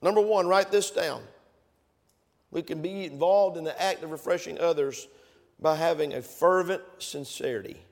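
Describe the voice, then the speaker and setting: A man's voice: on the high side, moderate pace, gravelly, big-room sound. A male pastor preaching a sermon to his congregation, emphatic and building to fervent peaks. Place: church sanctuary.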